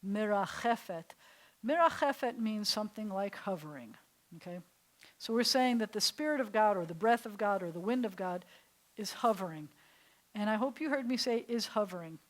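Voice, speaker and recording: A woman's voice: mid-range voice, expressive, moderate pace, low-quality recording. Woman rabbi teaching a Hebrew class. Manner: warm, playful, savors words, drops to a soft whisper for effect. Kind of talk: adult class lesson.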